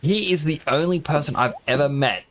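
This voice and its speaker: A man's voice: on the high side, brisk, fairly bright tone, slight background noise. A sleepy young man streaming a game, chatting in a rambling way and laughing often. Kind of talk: casual gaming stream chat.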